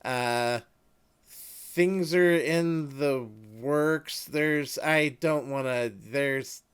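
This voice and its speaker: A man's voice: a little high, extremely slow, smooth. A man, the creative director, chatting casually in a hesitant, guarded way. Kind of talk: casual chat.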